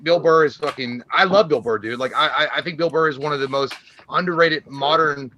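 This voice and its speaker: A man's voice: fairly high pitch, brisk, sharp tone, highs cut off. A man co-hosting a live movie stream, chatting casually with profane, crude jokes.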